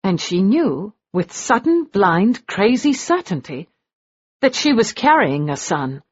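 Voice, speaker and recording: A woman narrating an audiobook in a slow, dramatic reading. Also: medium pitch, sing-song, husky. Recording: dull lo-fi audio.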